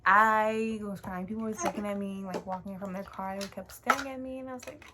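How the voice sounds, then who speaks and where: A woman's voice: medium pitch, fairly even intonation, fairly quick. A young woman vlogger telling a story in a casual, emotional way, with lots of fillers and casual swearing. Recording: clear background noise.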